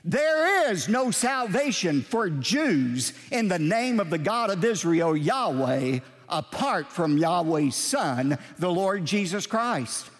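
A man preaching a sermon as pastor, emphatic, moving between slow measured points and shouted declarations. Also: high voice, very animated, long reverb tail.

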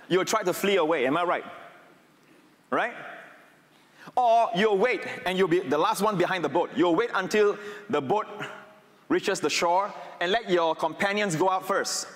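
A man preaching a sermon in a big hall, his fairly high voice ringing off the walls. He climbs to raised, emphatic peaks, then drops to hushed, low, intimate passages. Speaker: pastor. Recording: reverberant hall.

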